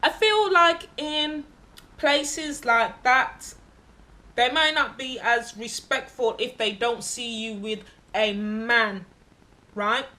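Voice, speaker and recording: A woman with a bright, fairly high voice tells the story of a solo trip. She speaks candidly and bluntly, swears freely, and acts out the people she met along the way. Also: takes it slowly. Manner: candid and expressive, acting out other people in her stories. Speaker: travel vlogger. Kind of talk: casual travel vlog storytelling.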